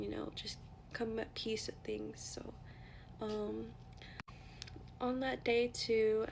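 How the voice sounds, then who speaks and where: A woman's voice: a little high, a little hiss or hum. A young adult woman telling a rambling personal story in casual chat, with lots of fillers, swearing and dips into whispers.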